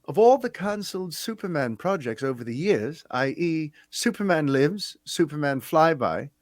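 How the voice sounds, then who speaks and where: A man reading a listener question aloud in an attempted British accent, a halting, half-serious mimicry. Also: on the high side, animated, dry recording, lightly acted. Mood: mock-formal.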